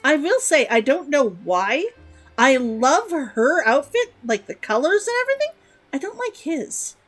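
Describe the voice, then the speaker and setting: Young woman, casual game commentary; chatty, giggly, lively high voice. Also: unhurried, faint music behind, rough recording. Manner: chatty and rambling, laughs often, repeats words. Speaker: streamer.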